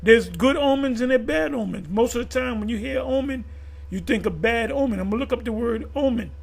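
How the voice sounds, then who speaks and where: High, gravelly man rambling. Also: fairly quick. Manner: rambling, with frequent restarts and fillers. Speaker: video commentator. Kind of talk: casual monologue commentary.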